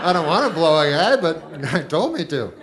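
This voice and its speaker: A middle-aged man doing a deadpan stand-up routine, rambling with halting asides and trailing fillers. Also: a little high, heavy background noise. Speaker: stand-up comedian.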